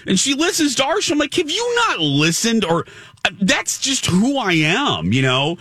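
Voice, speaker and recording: A male talk host chatting casually and telling stories, acting out quotes with a lively, swinging voice. His tone is bright and forward, recorded close and dry. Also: sits high, moderate pace, husky, dry recording. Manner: animated storyteller, acts out quotes. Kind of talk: casual chat.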